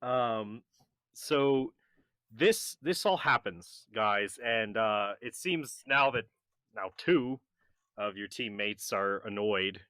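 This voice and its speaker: A man running a tabletop game as game master, halting with many ums and uhs and often laughing. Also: lowish voice, expressive, sharp tone, clean tone, no room sound.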